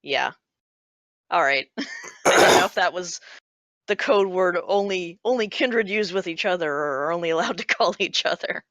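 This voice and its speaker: A woman's voice: on the low side, expressive, normal speed, a bit bright, dry recording, highs cut off. A woman playing a tabletop role-playing game, casual and laughing between lines. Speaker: player.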